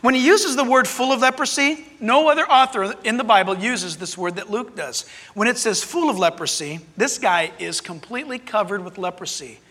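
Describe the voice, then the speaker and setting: A man's voice: high voice, animated, normal speed, hardly any pauses, sharp tone, breathy edge, long reverb tail. A man preaching a sermon as pastor, speaking earnestly and directly to his congregation in a church.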